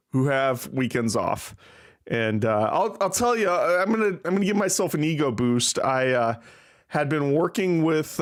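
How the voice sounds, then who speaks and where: Rambling, profane man hosting a livestream. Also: fairly high pitch. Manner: profane, rambling, self-deprecating. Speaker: livestream host. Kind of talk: casual live-stream chat.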